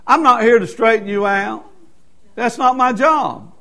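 A man's voice: very high-pitched, a little slow, bright, forceful tone. A middle-aged man preaching a Baptist sermon with emphatic repetition. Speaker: Baptist pastor.

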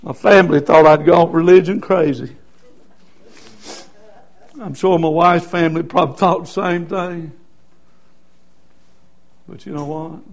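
A middle-aged man preaches his own testimony in a folksy, storytelling way. His voice sits high for a man, and he swings from hushed, quiet passages up to loud, shouted bursts. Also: steady tone, unhurried, pauses often. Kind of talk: sermon testimony.

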